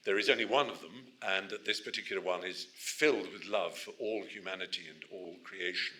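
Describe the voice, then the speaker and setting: Man, 60s, from England, low pitch, bright tone, anecdotal talk, restarts. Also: brisk. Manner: warm anecdotal delivery with frequent restarts. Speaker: guest speaker. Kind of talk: storytelling talk to a student audience. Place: lecture hall.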